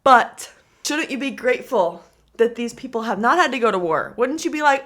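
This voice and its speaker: A woman's voice: high-pitched, expressive, fairly quick, fairly bright tone. A woman reacting to clips in a casual vlog, talking to camera in a chatty, exasperated way with lots of "like". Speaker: commentary vlogger.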